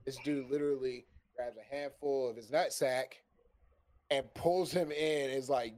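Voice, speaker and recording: A man's voice: medium pitch, unhurried. A man telling a long story in casual chat, swearing freely and laughing often. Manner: profane, animated, laughs often. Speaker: storyteller on a stream.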